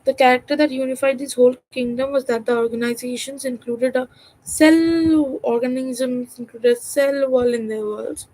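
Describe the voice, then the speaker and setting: A young woman from India, a student livestreamer, reads a textbook aloud in a high, steady, slightly mellow voice at a moderate pace, on a rough recording. Distracted and chatty, she keeps breaking off for joking asides that include swearing.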